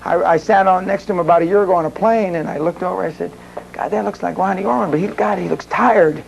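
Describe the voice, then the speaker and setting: A man addresses a seminar crowd in a fairly high voice, spinning long, rambling anecdotes. He slips into the voices of the people in his stories as he goes. A faint hum of the room sits underneath. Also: fast talker, vocal fry, rough recording. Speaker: seminar speaker. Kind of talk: live seminar storytelling.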